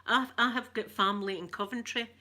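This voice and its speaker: A woman's voice: a little high, fairly even intonation, fairly quick, bright, forceful tone. A woman from Glasgow with a Glaswegian Scottish accent, chatting casually with her viewers as an ASMR channel host, rambling, laughing often and teasing herself. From Glasgow, Scotland. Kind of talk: casual live chat with viewers.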